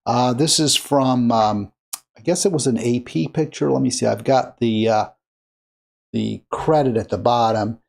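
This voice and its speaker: A man's voice: medium pitch, measured pace, creaky. A man from Maryland hosting a political commentary show, talking casually and rambling with many fillers and restarts. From Maryland, USA.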